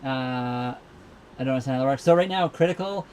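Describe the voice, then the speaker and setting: A man's voice: medium pitch, a little fast, darkish tone, slight background noise. A young man from Saskatchewan with a Canadian accent, hosting a casual live Q&A from inside his docked sailboat and rambling easily with lots of fillers. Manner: rambling, easygoing, many fillers. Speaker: livestream host. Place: cabin of a sailboat docked at a marina.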